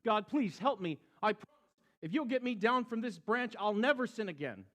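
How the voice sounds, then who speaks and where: A man acting out a terrified man who is hanging from a branch on a cliff and shouting and pleading for help in a strained, high voice. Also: huge pitch swings, slow pace, heavily acted.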